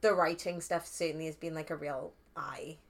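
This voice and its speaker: Chatty woman guest, lowish voice. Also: fairly even intonation, normal speed. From Newcastle upon Tyne, England. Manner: chatty, many fillers and restarts. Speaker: podcast guest, actress. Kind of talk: casual chat.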